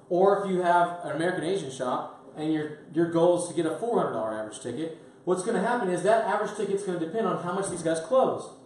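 A middle-aged man coaching business owners at a training seminar, blunt and energetic, pressing his points hard. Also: sits high. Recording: echoey room from far off, faint noise.

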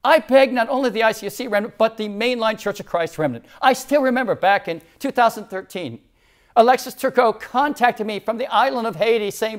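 A man's voice: sits high, lively intonation, fairly quick. Dramatic preacher in his sixties. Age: 60s. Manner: dramatic swings from loud to whispered. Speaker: church leader. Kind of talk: sermon.

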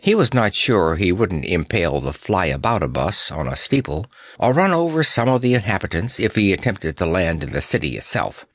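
Male audiobook narrator, lowish voice, lively pitch, dry close studio sound. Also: moderate pace, no room sound. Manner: expressive, animated reading. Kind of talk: storybook narration.

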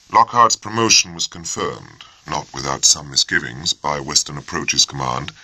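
A man narrating an audiobook in a measured, expressive storytelling manner. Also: rumbling low, creaky, slightly rough, no echo, poor audio. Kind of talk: scripted narration.

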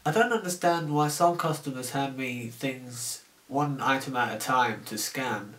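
A man's voice: medium pitch, measured pace, fairly bright tone, distant mic. A young man from the UK delivering a casual, sarcastic comedic rant to camera about his work as a shop cashier. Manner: sarcastic, exasperated, acts out customer exchanges. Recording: roomy echo, voice off-mic.

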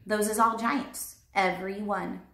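A woman's voice: mid-range voice, fairly even intonation, measured pace, sharp tone. A woman voicing a big, friendly male giant who bumbles through made-up words with a folksy lilt, read aloud in a roomy space. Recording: roomy echo.

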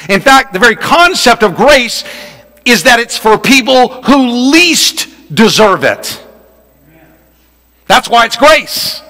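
Animated pastor in reverb. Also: male voice, high voice. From Louisiana. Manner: folksy, joking storyteller. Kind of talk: sermon. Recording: long reverb of a large hall.

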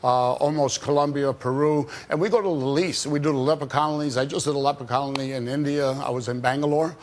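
A man with a fairly high voice tells his story in a rush of excitement as a guest on a Christian TV talk show. He then turns to fervent preaching and prayer. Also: fast, a little hiss or hum. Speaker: evangelist guest.

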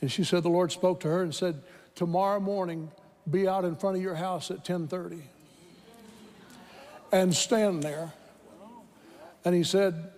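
A man with a Southern American accent preaching a sermon, telling a story with animated quoted voices that climb into shouts of praise. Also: sits high, normal speed. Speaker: pastor. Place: large church hall with congregation. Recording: reverberant church hall with crowd.

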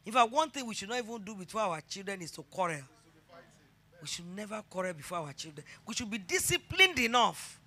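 A middle-aged woman pastor with a Nigerian accent preaches a sermon, emphatic and repeating phrases as she builds to shouted exhortation. Her medium-pitched voice swings widely in pitch, and she speaks a little fast.

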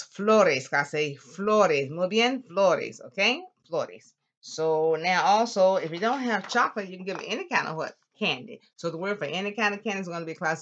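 Woman, low-pitched, an upbeat classroom teacher drilling vocabulary, with a muffled lo-fi sound. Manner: lively, drills words slowly for the class to repeat. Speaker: Spanish teacher. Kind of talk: classroom language lesson.

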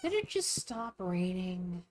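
A woman streaming a farming game, chatting casually with her viewers and admitting she feels low and upset. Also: takes it slowly, low-quality recording. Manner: chatty, swears casually, talks to chat. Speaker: vtuber streamer. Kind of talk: casual gameplay chat. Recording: steady background noise.

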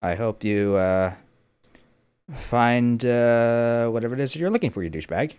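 A man's voice: mid-range voice, animated, unhurried, a little mellow, smooth. A man hosting a casual gameplay video, joking, swearing and talking to himself as he plays. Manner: jokey, swears a lot, talks to himself. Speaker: gameplay host.

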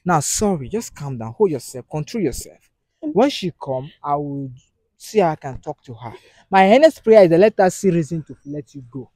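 Male skit host, high and lively voice, repeats himself to soothe and plead. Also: normal speed, no room sound. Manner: animated, repetitive pleading and soothing. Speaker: show host. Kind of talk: comedic skit acting as an advice host.

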